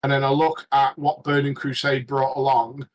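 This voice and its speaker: A man chatting casually as a regular on a podcast, rambling and halting with many restarts. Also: mid-range voice, little pitch movement, rough recording. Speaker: regular panelist.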